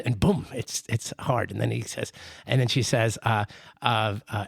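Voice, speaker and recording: A man's voice: mid-range voice, lively intonation, moderate pace, gravelly, fairly bright tone, breathy edge, no echo, clean studio sound. A man co-hosting a podcast, telling rambling, self-amused jokes in casual banter. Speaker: podcast co-host, joke teller.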